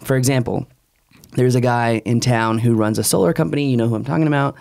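A man's voice: medium pitch, fast, creaky, darkish tone. A man hosting a podcast, chatting casually and reading sponsor spots in an upbeat, talkative way. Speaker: podcast host. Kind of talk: casual podcast chat with ad reads.

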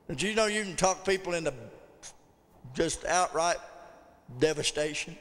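Male pastor, bright ringing voice, long church reverb, folksy sermon storyteller. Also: fairly high pitch, moderate pace, long pauses. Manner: folksy storytelling with audience call-outs. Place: church sanctuary.

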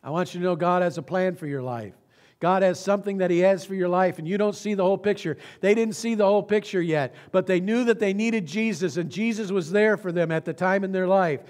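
A man preaching a sermon in a church, telling a story earnestly and slowing down for emphasis. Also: high voice, a little mellow. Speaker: pastor. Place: church sanctuary.

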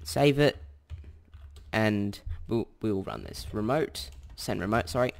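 A young Australian man hosts a casual coding tutorial, thinking aloud and correcting himself as he types. His voice is lowish and slow, with vocal fry.

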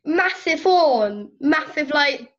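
Brief: chatty female host, high voice, giggles, dull lo-fi recording. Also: animated, slow, fairly bright tone. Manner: chatty, giggly, reads questions. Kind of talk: casual interview chat.

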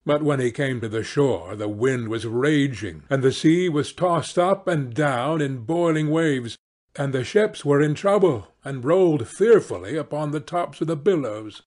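Slow, expressive male storyteller. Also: a little high. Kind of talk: scripted fairy-tale narration for English learners.

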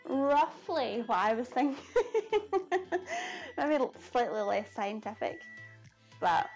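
A Scottish woman chatting casually on a live cooking stream, laughing often and answering viewers' comments from her kitchen. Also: on the high side. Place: home kitchen.

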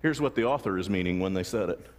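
A man's voice: sits low, expressive, fast, big-room sound. A man preaching a sermon as pastor, often asking the congregation rhetorical questions. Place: large church sanctuary.

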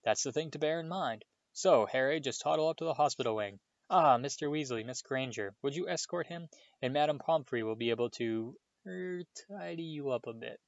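A man reading aloud voices a vain, smooth-talking male wizard teacher who sounds breezy and reassuring. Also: mid-range voice, brisk, dry recording, highs cut off, voice pushed up, lightly acted.

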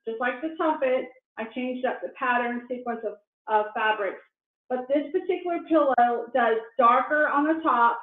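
A middle-aged woman giving a casual quilting tutorial, enthusiastic as she holds her work up to the camera. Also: fairly high pitch. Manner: enthusiastic, shows pieces up to the camera. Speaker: quilting instructor. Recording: echoey room on a tinny, phone-like line.

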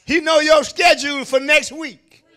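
A man preaching a sermon as pastor, shouting at the peaks and dropping into low asides to the congregation, calling on them to answer. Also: fairly even intonation, a little slow. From Kentucky, USA. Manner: call-and-response preaching, calls on the congregation. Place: church sanctuary.

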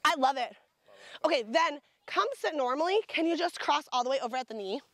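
Woman, high and lively voice, bubbly photo-shoot director, gushing praise, dry close sound. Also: fairly quick, dry recording. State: sucking on a throat lozenge.

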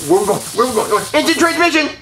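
A man voicing a bratty little boy in a diaper who yells crude insults. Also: very high-pitched, animated, quick pace, very noisy. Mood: cocky.

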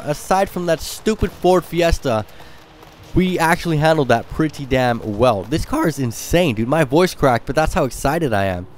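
A man giving excited, slangy gameplay commentary as a gaming YouTuber, calling out speeds as he drives. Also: fairly high pitch, moderate pace, a little hiss or hum.

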